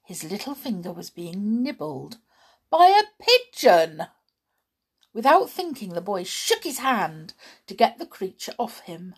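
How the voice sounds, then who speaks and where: A woman's voice: medium pitch, very animated, a little slow, breathy edge. A woman reading a children's book aloud, chatting in a friendly way between chapters. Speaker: audiobook reader.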